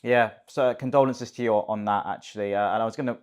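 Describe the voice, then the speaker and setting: Male interviewer, gentle and agreeable, hesitant phrasing, reads audience questions. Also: on the low side, fairly even intonation, fast, clear, resonant tone.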